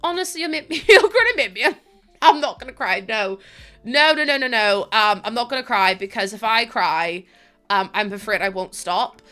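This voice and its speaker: A woman's voice: on the high side, animated, normal speed, pushed and bright, soft background music. A woman with a Northern Irish accent chatting casually on a live stream, laughing often and thanking viewers by name. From Northern Ireland.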